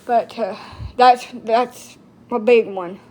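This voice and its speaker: A woman's voice: a little high, steady tone, takes it slowly, a little mellow. A woman in her thirties from the United States, chatting casually to her viewers in a blunt, rambling way full of folksy slang. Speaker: TikTok streamer. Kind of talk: casual chat to camera.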